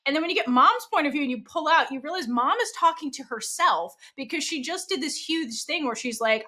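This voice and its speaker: A young woman co-hosting a podcast in casual chat, animated and full of fillers, acting out quoted lines as she talks. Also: high-pitched, fairly quick, few pauses. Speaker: podcast co-host.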